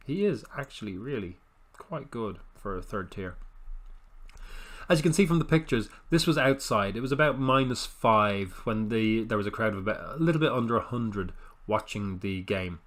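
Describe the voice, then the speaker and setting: A man's voice: fairly low pitch, expressive, normal speed, fairly bright tone. A man casually commenting on a football management game, rambling and self-correcting with wry understatement. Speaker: gaming video host.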